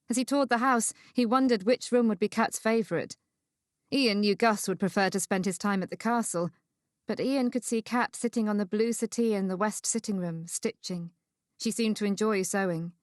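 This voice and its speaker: An audiobook narrator with a medium-pitched voice reads a historical romance novel in an even, measured way. It is scripted narration recorded in studio quality with no room sound.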